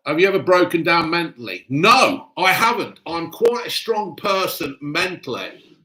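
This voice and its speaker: A man's voice: on the high side, expressive, measured pace, bright, forceful tone, low-quality recording. A man hosting a live stream, reading out chat in blunt, crude casual talk. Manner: blunt, gruff, cheerfully crude. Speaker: livestream host reading chat.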